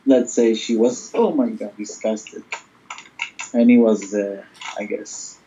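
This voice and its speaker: Laid-back male co-host, warm dark tone, lo-fi recording. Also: on the low side, steady tone, takes it slowly, a little hiss or hum. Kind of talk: casual chat. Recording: dull lo-fi sound.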